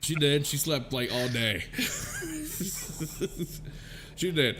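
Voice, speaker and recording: A man's voice: medium pitch, slow pace, very noisy. A man casually telling a story, laughing often and swearing freely. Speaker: vlogger.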